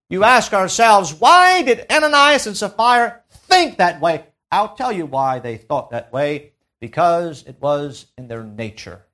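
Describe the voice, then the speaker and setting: High-pitched male preacher, emphatic sermon delivery with big swings in volume. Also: animated, a little slow, fairly bright tone. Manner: emphatic, swells and drops in volume; asks the congregation to fill in words.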